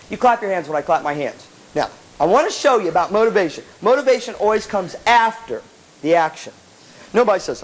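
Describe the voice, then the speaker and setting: Animated, high-voiced man giving a seminar. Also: brisk, some chatter behind, rough recording. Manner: animated and playful, acts out the inner voice, blunt, swears. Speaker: motivational speaker to student band members. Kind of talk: live motivational seminar talk. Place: hall with a student audience. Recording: 1985 live cassette tape with faint audience and hiss.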